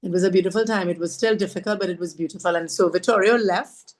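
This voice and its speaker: Quick-paced and lowish in voice, a Trinidadian podcast guest relates a heartfelt story of her own. Her devout earnestness shows as she speaks warmly of her faith and repeats phrases for emphasis.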